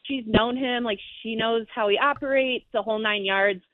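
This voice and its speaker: A woman calling in, telling her story in an animated, casual way with plenty of swearing, heard over a tinny phone line. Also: on the high side, moderate pace, no echo. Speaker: caller. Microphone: phone call.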